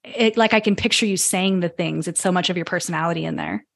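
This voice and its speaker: A woman's voice: fairly low pitch, fast talker, vocal fry, a bit bright, no echo. A woman hosting a podcast, reading an upbeat scripted intro and then chatting loosely with her guest. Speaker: podcast host.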